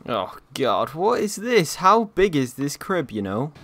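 Young guy, horror gameplay commentary, slow-talking, jumpy, swears a lot. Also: a little high, very animated, a bit bright. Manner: jumpy, swears and yelps at scares. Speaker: gaming YouTuber.

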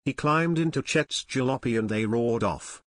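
A man reading an unabridged audiobook aloud as its narrator, in steady scripted narration. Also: medium pitch, normal speed, no echo, clean studio sound.

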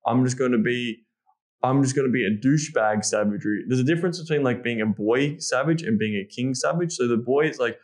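A man speaking as a podcast guest and intimacy coach. He talks in a casual, animated way, blunt and profane, with lots of fillers. His voice sits at a medium pitch for a man. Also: a little fast.

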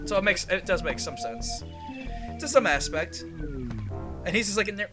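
A man giving casual, rambling commentary while playing a game, excitable and swearing freely. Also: high voice, normal speed, long pauses. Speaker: gameplay commentator. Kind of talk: casual let's-play commentary. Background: game music.

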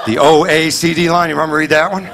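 Man, stand-up comedian, high voice, punchy delivery, live crowd, audible noise. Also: fairly even intonation, quick pace. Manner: loud, punchy delivery with voiced bits and asides. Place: live comedy venue with audience. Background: audience laughter.

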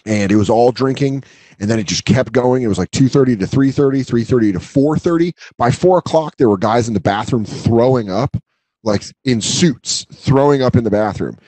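A man in his thirties telling a profane, animated story in casual chat. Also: medium pitch, normal speed, no echo, low-quality recording. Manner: profane, animated, acts out customers' voices. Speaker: guest storyteller.

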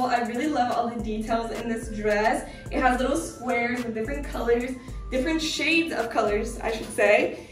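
Bubbly high-voiced young woman vlogger. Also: recorded from a distance. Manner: bubbly, gushing, filler-heavy. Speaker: fashion vlogger. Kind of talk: casual try-on haul chat. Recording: echoey room, voice set back from the mic.

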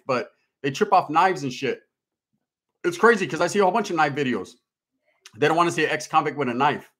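A man's voice: a little high, fairly bright tone. A middle-aged man hosting a casual livestream, reading viewer comments aloud in a laid-back, slangy, streetwise way. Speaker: livestream host reading chat. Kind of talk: casual live-stream chat.

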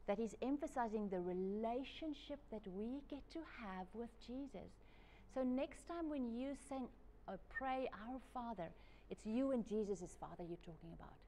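Woman, Bible teacher, slightly high voice, earnest and chatty, drops into quoted asides. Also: mellow, a little hiss or hum. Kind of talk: discipleship teaching.

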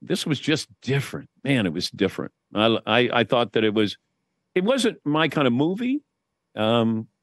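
Animated male storyteller, dry studio sound. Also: mid-range voice, normal speed, no room sound. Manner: animated storyteller, does voices when quoting. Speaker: guest. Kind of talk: casual sports chat.

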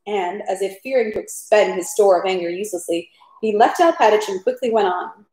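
A woman reads a long novel aloud at home at a steady pace, now and then tripping on a word. Her pitch sits in the middle range. The room gives her voice a roomy echo. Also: a little fast. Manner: steady reading with occasional stumbles. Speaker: reader.

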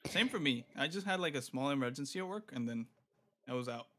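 A guest streamer chats playfully with a friend during a casual game stream, laughing often. His medium-pitched voice is a bit bright with lively intonation, and he talks fast.

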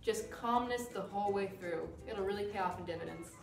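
A woman dog trainer explaining crate training in a calm, firm way while working with a dog. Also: medium pitch, fairly quick. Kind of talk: instructional demonstration. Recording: roomy sound from a distance with music.

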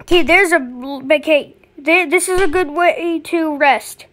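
Let's play host: woman, very high voice, unhurried, panicky and excitable. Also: a little hiss or hum. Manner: excitable, panicky, yelling in fright. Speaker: gameplay commentator.

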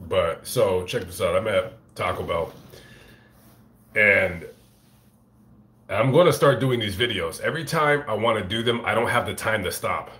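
A man with a fairly low voice tells a rambling, swear-filled story in a casual live-stream style. He is recorded on a phone inside a fast-food restaurant. The room is echoey. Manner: rambling, profane, animated retelling. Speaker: vlogger telling a story. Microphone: phone camera.

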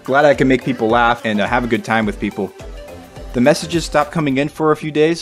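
Casting: playful gaming YouTuber man, mid-pitched voice, casual commentary with faint background music. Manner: reads out chat messages, joking and playful.

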